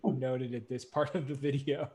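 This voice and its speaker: A man at home hosting a relaxed livestream chat over a video call. He talks in an easygoing, rambling way, laughs a lot, and restarts his sentences as he goes. His voice sits at a medium pitch. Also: normal speed. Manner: chatty, laughs often, trails off in restarts. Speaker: livestream host.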